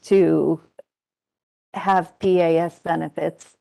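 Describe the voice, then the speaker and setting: A woman testifying at a public hearing, speaking thoughtfully and hesitantly with many pauses. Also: lowish voice, fairly even intonation, creaky, mellow. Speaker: hearing witness, independent living center worker.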